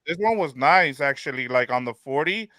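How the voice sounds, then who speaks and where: A man's voice: a little high, expressive, moderate pace, bright, forceful tone, dry recording, clean studio sound. A man chatting casually on a podcast in an easygoing, matter-of-fact way.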